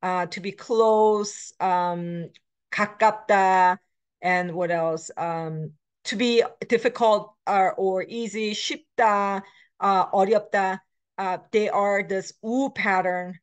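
A woman's voice: medium pitch, fairly even intonation, unhurried, smooth. A middle-aged woman giving a recorded lecture as a language instructor, explaining grammar patterns with many fillers and self-corrections, reading example words aloud between her explanations. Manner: switches between English and Korean examples.

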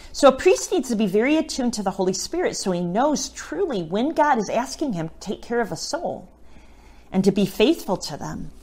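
A woman's voice: a little high, big pitch swings, moderate pace, darkish tone. A middle-aged woman, a Catholic missionary, giving an informal teaching talk on scripture and often checking in with the listener. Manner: conversational, often checks in with a tag question.

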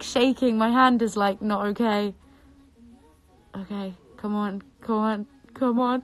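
A young woman, chatting excitedly on a live stream from her bedroom, breathless and repeating herself. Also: medium pitch, slow pace, soft background music. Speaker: social media creator on a live stream. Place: bedroom at home.

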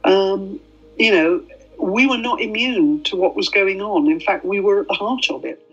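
A woman's voice: medium pitch, normal speed, a bit bright, breathy edge, soft background music. British woman, former volunteer, reflective interview, muffled audio. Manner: reflective, plain-spoken. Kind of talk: documentary interview.

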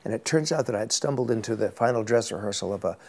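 Older man telling stories, gravelly voice. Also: lowish voice, fast. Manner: rambling, repeats words, animated anecdotes. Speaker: interview guest, actor. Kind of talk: casual interview storytelling.

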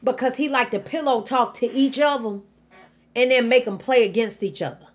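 A woman's voice: a little high, normal speed, a little hiss or hum. A woman hosting a reaction channel, commenting bluntly in casual speech, exasperated and swearing freely.

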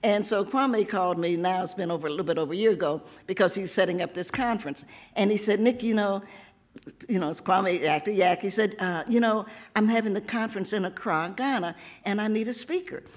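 Hoarse 70-year-old woman poet from Tennessee, reading and chatting, playful, quick to laugh. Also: mid-range voice. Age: 70s. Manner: playful, laughs often, breaks off and restarts her sentences. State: hoarse, has lost her voice. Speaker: poet at an author visit. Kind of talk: poetry reading and chatty talk to an audience. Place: public library event before an audience.

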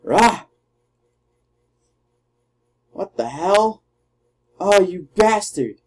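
A man doing let's play commentary, trash-talking his opponents and shouting battle cries. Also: a little high, sing-song, takes it slowly, long pauses. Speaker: gamer.

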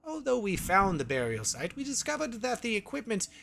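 A man's voice: high voice, wildly swooping pitch, fairly quick, vocal fry, a bit bright, pitched above the performer's own voice, exaggerated voice. A man voicing an older male mentor who survived underground, reading the game's lines aloud in an easy, plain way. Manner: reads game dialogue aloud plainly.

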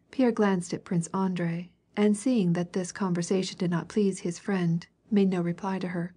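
A woman narrating a classic novel as an audiobook reader, in an even, measured storytelling manner. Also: fairly low pitch, slightly rough.

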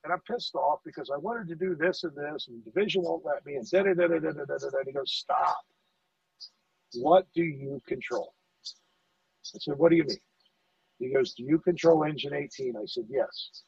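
A middle-aged man, a fire lieutenant in a casual podcast conversation, telling animated stories and acting out the dialogue. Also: fairly high pitch, fast, creaky, dry recording, recorded from a distance. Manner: animated storyteller, acts out quoted dialogue, repeats words. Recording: dull dry audio, off-mic.

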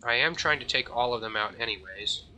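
A man giving casual, jokey let's-play commentary at home, self-mocking, slightly out of breath, with sudden high yelps. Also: brisk, pushed and bright. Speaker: gaming channel host.

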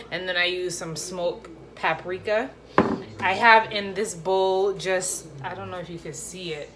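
In her home kitchen, a woman with a fairly low voice hosts a cooking video as a cooking vlogger, chatting casually with playful slang and joking asides. Background noise includes the sizzle of frying.

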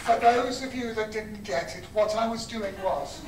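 A man giving an academic conference lecture, lively, asking rhetorical questions and counting off his points. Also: high voice, normal speed, over a noisy crowd, very noisy. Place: university lecture hall. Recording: roomy hall heard from far off.

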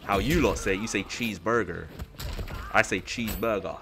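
A man's voice: fairly low pitch, fast talker, background noise. A man chatting on a livestream, joking and teasing. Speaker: streamer. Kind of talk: casual livestream chat.

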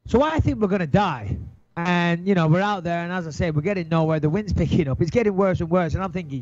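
A man in an interview telling a story in a casual way. He is animated, swears a lot and acts out his own panicked thoughts. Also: sits high, quick pace. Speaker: interview guest. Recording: dull, dry recording.

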